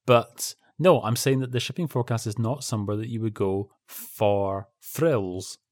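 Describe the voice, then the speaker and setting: A man's voice: lowish voice, normal speed, darkish tone, no room sound, studio quality. A man co-hosting a podcast, chatting casually about old television in a rambling, wry way that keeps breaking off and restarting. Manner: rambling, self-interrupting, wry. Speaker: podcast co-host.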